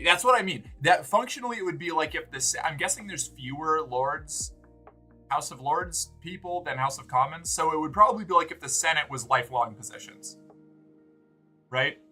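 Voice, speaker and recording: Man streaming, casual rambling chat, sweary, very bright tone, faint music behind. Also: fairly high pitch, lively intonation, brisk. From United States. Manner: rambling, swears freely, many fillers and restarts. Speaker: streamer chatting with viewers.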